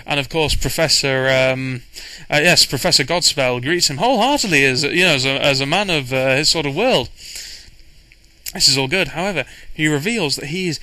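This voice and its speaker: A man recaps his tabletop campaign in a loose, rambling way, restarting sentences as he goes. His voice is bright and forceful and sits a little higher than most. The sound is close and completely dry. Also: moderate pace, no echo, low-quality recording. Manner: rambling, with frequent restarts and fillers. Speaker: game master recounting a campaign. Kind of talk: casual storytelling recap.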